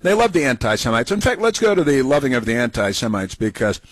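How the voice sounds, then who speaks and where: A man's voice: mid-range voice, very animated, fast talker, dry recording, poor audio. A middle-aged man hosting a talk radio show, delivering opinionated commentary with scornful, sarcastic asides.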